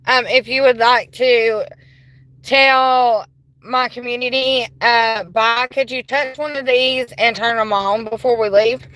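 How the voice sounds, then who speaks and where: A bright, excited woman livestreams a ghost investigation from inside a car, recorded on a phone in low quality. Her voice is fairly high and slow; she speaks politely to spirits, then bursts into excited squealing.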